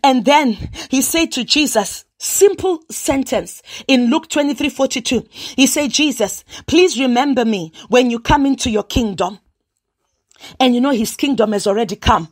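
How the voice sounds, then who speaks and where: A woman's voice: sits high, animated, moderate pace. A woman leading a fervent morning prayer sermon, repeating phrases with frequent "uh" fillers and sometimes drifting into sung lines. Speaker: prayer leader.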